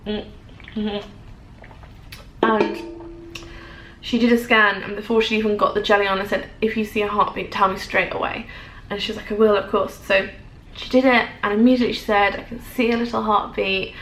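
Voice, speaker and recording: A woman's voice: medium pitch, fairly even intonation, fairly quick, a bit bright. A young English woman telling a personal story to camera in a hesitant, emotional way, with many fillers and restarts. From England. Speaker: vlogger. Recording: echoey room, faint noise.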